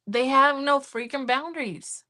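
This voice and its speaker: A middle-aged woman hosting a budgeting livestream from home, chatting casually and counting cash out loud in an easygoing way. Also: sits high, unhurried. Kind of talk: casual live-stream chat.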